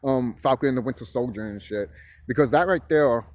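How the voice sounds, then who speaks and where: A man's voice: mid-range voice, a little fast, a little mellow. A young man talking casually, rambling and swearing, shivering a bit from the cold outdoors. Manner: rambling, profane and emphatic, with restarts. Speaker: vlogger. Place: outdoors on a chilly hillside.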